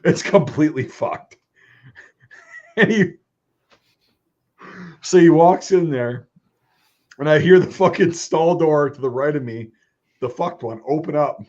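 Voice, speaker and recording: A man's voice: fairly high pitch, slow, pauses often. A man telling a crude story in casual chat, swearing constantly and laughing often. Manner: animated, laughing, swears a lot. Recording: dull lo-fi sound.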